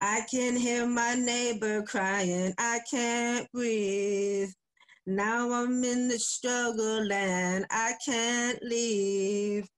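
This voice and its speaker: A woman educator speaking over a phone on a video call, laid-back and emotional as she talks, then slow and forceful as she recites spoken word poetry. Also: fairly high pitch, fairly even intonation. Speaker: educator and poet.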